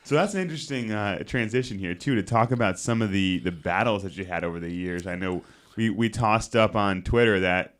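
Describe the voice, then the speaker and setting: A man's voice: lowish voice, brisk, fairly bright tone. A man hosting a podcast interview, recapping stories and steering the conversation casually. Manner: steers the talk with recaps and short reactions. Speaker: podcast host.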